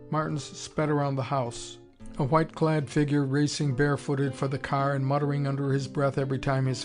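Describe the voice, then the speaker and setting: A man reading an audiobook in a steady, measured storytelling voice. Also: medium pitch. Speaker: audiobook narrator. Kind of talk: scripted narration.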